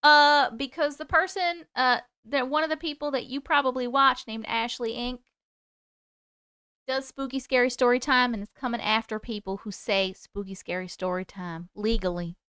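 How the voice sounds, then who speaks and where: A woman's voice: on the high side, steady tone, normal speed, bright, forceful tone, clear, resonant tone, no echo, clean studio sound. A woman hosting a live stream, chatting casually and reading viewer comments aloud in a rambling, giggly way. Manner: chatty, rambling, giggly, jumps between topics. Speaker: livestream host.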